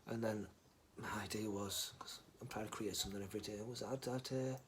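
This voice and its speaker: A man's voice: fairly low pitch, steady tone, fairly quick, slight background noise. Rambling, jokey man on a live stream. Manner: mumbles asides, then calls out greetings loudly. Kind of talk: casual live stream chat.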